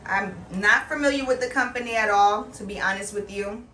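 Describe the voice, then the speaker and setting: A woman's voice: mid-range voice, brisk, bright, forceful tone, far from the mic, slight background noise. A middle-aged woman chatting playfully and with emphasis as she reviews a product. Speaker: beauty vlogger. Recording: echoey room, voice off-mic.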